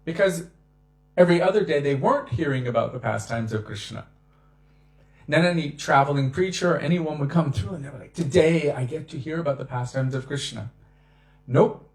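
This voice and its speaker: A man giving a devotional talk on scripture, telling stories with lively acted-out quotes. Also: fairly high pitch, brisk, roomy sound. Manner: animated storyteller who acts out quotes. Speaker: devotional speaker.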